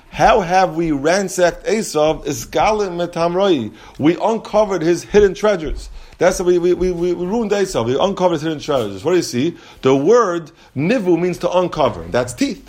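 A man leads a Talmud class. His voice sits a little high and moves in a study singsong. He mixes Hebrew and Aramaic terms into his as he explains. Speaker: Talmud teacher.

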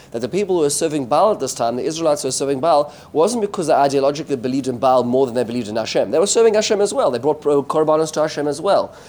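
Mellow-voiced man teaching a Bible lesson. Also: medium pitch. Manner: animated storytelling with frequent restarts; mixes Hebrew terms and verses into English. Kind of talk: informal Torah lesson, retelling and commentary.

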